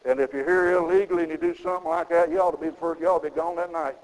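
A middle-aged man preaching a sermon, folksy, with sudden high emphatic rises in his gravelly voice. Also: steady tone, rapid-fire, long reverb tail, rough recording.

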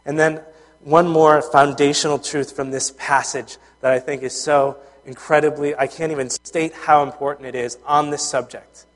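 A man preaching a sermon as a pastor, earnest and conversational, often pausing with fillers and restarting his sentences. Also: fairly high pitch, fairly even intonation, in a large hall.

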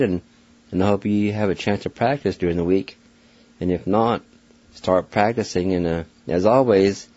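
An older man with a low, mellow voice teaches a slow, patient pronunciation lesson. He spells each word letter by letter and repeats it. The sound is dull and lo-fi, like an old radio broadcast, and very dry. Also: dry recording.

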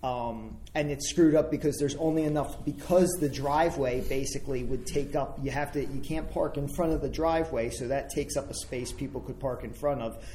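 A man's voice: mid-range voice, brisk, hardly any pauses, warm tone, low-quality recording. Comedian man, casual profane ranting, light background hiss. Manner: profane, meandering storytelling. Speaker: stand-up comedian. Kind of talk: casual chat.

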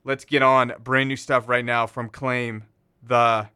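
Hosting a metal radio show from a small station studio, a man introduces tracks in loose, casual patter full of fillers and self-corrections. His voice is medium-pitched and level, his pace slow, and the recording is very noisy.

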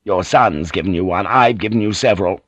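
A man's voice: low voice, a little fast, no room sound. A man voicing a stern, commanding older feudal lord who speaks with stiff formality.

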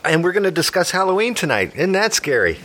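A man in his fifties hosting a comedy podcast, rambling excitedly and joking. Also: sits high, fast, background noise. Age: 50s. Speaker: podcast host.

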